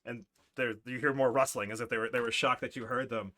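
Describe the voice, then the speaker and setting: A young man narrating as game master in a casual, halting way with fillers. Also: medium pitch, little pitch movement, sharp tone.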